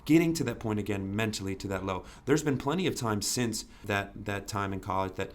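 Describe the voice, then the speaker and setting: This podcast guest has a fairly low-pitched voice and talks fairly quickly. In a candid interview conversation, he's earnest and frank, repeating himself, saying "you know" often and cursing casually.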